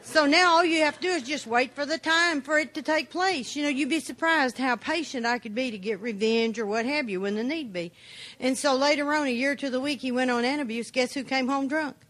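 A woman's voice: high voice, a little fast, a bit bright. A woman giving a personal testimony talk, telling her story bluntly and plainly with dry humor. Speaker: speaker sharing her recovery story.

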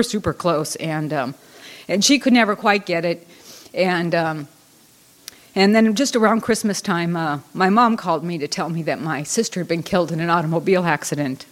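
Rambling woman telling a recovery story. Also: lowish voice. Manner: rambling storyteller with many fillers and restarts. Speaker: Al-Anon speaker. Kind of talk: personal recovery talk.

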